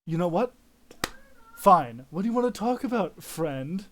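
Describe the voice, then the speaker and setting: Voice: mid-range voice, lively intonation, fairly quick, dark tone, voice pushed up, lightly acted. Someone doing a short angry guy, swears constantly, snappy and sarcastic. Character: short, hot-tempered foul-mouthed male. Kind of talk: tabletop role-play.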